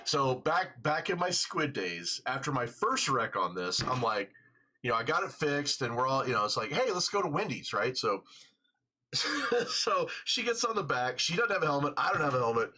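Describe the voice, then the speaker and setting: A man in a casual chat, telling a long story in an animated way, laughing often and swearing freely, with a husky voice. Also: mid-range voice, moderate pace.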